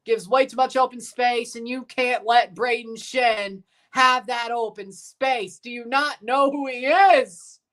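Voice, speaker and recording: Woman streamer reacting live to a hockey game; slow, easygoing commentary that spikes into shouts on goals. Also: on the high side. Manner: relaxed play-by-play that erupts into shouting on goals; answers chat questions between plays. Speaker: livestream host.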